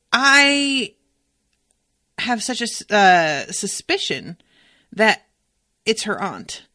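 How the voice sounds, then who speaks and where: A young adult woman talks through a book on her podcast in a loose, chatty way, cursing now and then. Her pitch swoops around a lot as she goes. The recording is dry and close, with no room sound. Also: no room sound. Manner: chatty, animated, swears freely. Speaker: podcast host. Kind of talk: casual solo book discussion.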